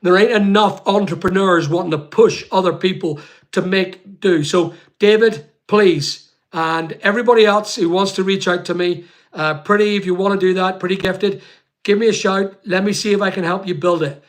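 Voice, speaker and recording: A Northern Irish man hosting a live stream from his home studio, his voice sitting fairly high. He answers viewers' comments in a chatty, rambling way, often calling them mate. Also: fairly even intonation. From Northern Ireland. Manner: chatty, rapid and rambling, calls people mate. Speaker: livestream host.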